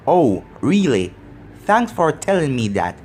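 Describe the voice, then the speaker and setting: A narrator reading a cheeky teenage boy ninja who talks in a mocking, deadpan way. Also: medium pitch, a little slow, a little hiss or hum.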